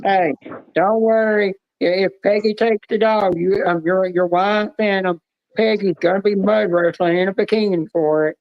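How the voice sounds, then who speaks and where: A man's voice: high-pitched, fairly even intonation, normal speed, no echo, muffled recording. A man joining a stream chat, teasing and joking in a casual way. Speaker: guest on a stream.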